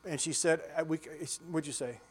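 Speaking at a normal pace in a higher-than-usual voice, a male pastor in his sixties preaches in a chatty style. He shares homespun stories, laughs frequently and poses questions to the congregation.

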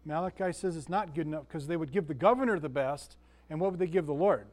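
A man's voice: a little high, quick pace, a little mellow. Chatty man teaching a Bible class. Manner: folksy, chatty, asks the room questions. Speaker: Sunday school teacher.

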